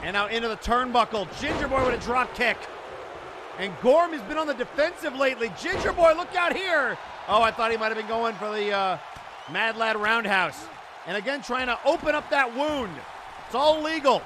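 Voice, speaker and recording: A man calling a wrestling match play by play, often breaking into excited shouts. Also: very high-pitched, normal speed. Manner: excitable, shouting during big moments. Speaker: wrestling commentator. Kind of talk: play-by-play commentary. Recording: crowd and loud background noise.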